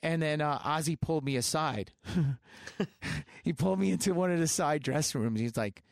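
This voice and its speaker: A man's voice: on the high side, normal speed, gravelly, no room sound, clean studio sound. A man in his thirties, a musician guest telling tour stories in a casual, chatty way, laughing often. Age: 30s. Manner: chatty, laughs often, restarts mid-sentence. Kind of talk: casual storytelling.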